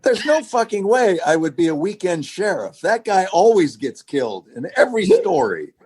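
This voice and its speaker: A man in his sixties, a podcast guest, telling a relaxed story in a casual interview. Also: high-pitched, moderate pace, husky. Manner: relaxed, anecdotal, with many restarts.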